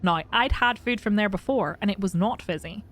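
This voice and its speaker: A woman's voice: medium pitch, a little fast, fairly bright tone. A young woman streamer chatting casually with her live chat, laughing often and greeting viewers by name.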